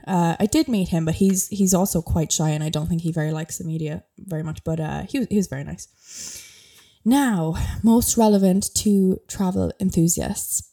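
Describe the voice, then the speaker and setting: This is a young Irish woman hosting a podcast in a casual, rambling chat packed with fillers. Her voice is fairly low and mellow.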